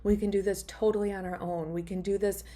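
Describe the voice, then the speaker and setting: A middle-aged woman at a middle pitch talks listeners through a quick energy reset. She is upbeat and encouraging, narrates what she is doing step by step, and keeps checking in with a quick "right?". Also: little pitch movement, background noise. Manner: upbeat, encouraging, narrates her own actions; frequent "right?" tag questions. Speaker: podcast host. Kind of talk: guided wellness talk.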